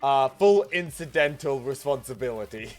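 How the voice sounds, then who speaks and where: A man's voice: medium pitch, expressive, moderate pace, soft background music. A young man hosting a casual stream chat, reading viewer messages aloud, rambling with many fillers and frequent giggles. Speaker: streamer host.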